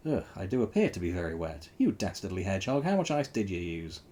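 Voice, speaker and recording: A man's voice: deep voice, very animated, fast talker, warm tone. A man voicing a pompous, fussy male pig who complains indignantly.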